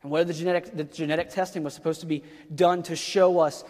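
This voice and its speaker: A man's voice: a little high, flat delivery, quick pace, few pauses, a little mellow. A man in his thirties preaching a sermon, telling a personal story in a casual, conversational way with rhetorical questions and fillers. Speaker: pastor. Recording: long reverb of a large hall.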